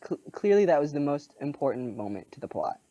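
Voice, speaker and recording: Male co-host, dry sarcastic banter, very animated melodic delivery. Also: on the high side, muffled recording. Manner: sarcastic, quick to laugh. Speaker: podcast co-host. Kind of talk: casual chat.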